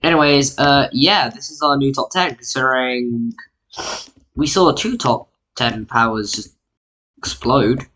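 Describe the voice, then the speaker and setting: Bright tense voice, casual commentary, rambling, self-mocking, filler-heavy, tired. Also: mid-range voice, measured pace. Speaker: mapping YouTuber narrating an alternate history. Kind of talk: casual screen-recorded commentary.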